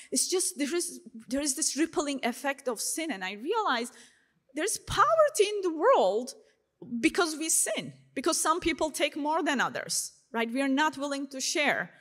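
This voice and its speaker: A woman from Turkey, giving a faith testimony to a live audience in a lively storytelling way, full of "you know" and "like". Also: high-pitched. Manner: lively storytelling, voices her own past thoughts in asides; frequent fillers like "you know" and "like". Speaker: speaker sharing her faith testimony. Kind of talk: conference talk to a live audience.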